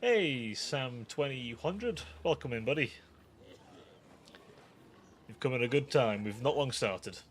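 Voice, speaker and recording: A man's voice: mid-range voice, expressive, takes it slowly, pauses often, slight background noise. A British man live-streaming a strategy game, chatting and thinking aloud, often cutting himself off mid-thought. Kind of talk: live gameplay commentary.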